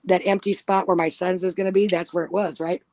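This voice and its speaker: A woman's voice: lowish voice, flat delivery, fairly quick, darkish tone, a little hiss or hum. A woman telling a spooky personal story in casual chat, blunt and profane. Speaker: guest storyteller.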